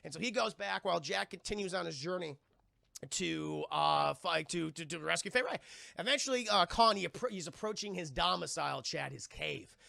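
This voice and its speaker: This animated streamer walks through a movie one scene at a time, cursing casually and jumping into brief voices for each character. He speaks high in his range with a creaky quality, and the recording has no echo.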